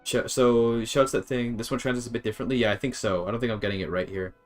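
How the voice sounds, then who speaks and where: Guy streaming, thinking out loud, keeps restarting, english speaker sounding out german words, middle pitch. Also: fairly even intonation, quick pace, soft background music. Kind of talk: casual livestream talk while translating game text.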